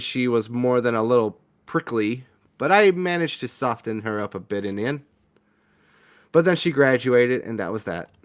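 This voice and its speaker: A man's voice: medium pitch, close to an everyday voice. A man voicing a wry, frank young woman from a small town, talking in a confiding way. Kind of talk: reading a visual novel aloud with voices.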